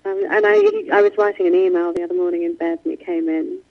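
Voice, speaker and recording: A woman author speaks fast from her London home in a remote interview, her voice on the low side, gravelly, and marked by huge pitch swings. The recording is lo-fi and very noisy, and she talks with many restarts and asides.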